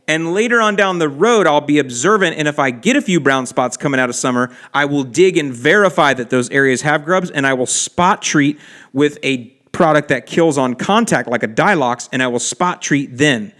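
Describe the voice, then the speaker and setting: A man's voice: fairly high pitch, expressive, moderate pace, fairly bright tone. A man hosting a casual podcast, answering listener questions with chatty, friendly advice and asides. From Florida. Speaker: podcast host answering lawn care questions.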